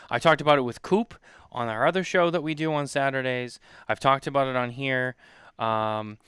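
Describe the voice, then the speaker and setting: A man's voice: fairly high pitch, clear, resonant tone, no echo. A man in his late twenties, co-hosting a casual talk show and telling a long, laughing anecdote. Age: 20s. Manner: laughing storyteller, animated impressions. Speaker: podcast co-host. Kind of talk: casual chat.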